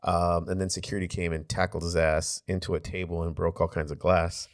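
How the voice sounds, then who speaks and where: A man's voice: deep voice, little pitch movement, brisk, no echo, studio quality. A man co-hosting a casual podcast, telling a story in a laid-back way with lots of fillers and swearing. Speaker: podcast co-host.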